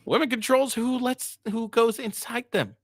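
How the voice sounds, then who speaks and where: A man's voice: very high-pitched, fairly even intonation, normal speed, dry recording, clean studio sound. A man giving crude, mocking reaction commentary, swearing and laughing as he talks. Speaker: commentary streamer.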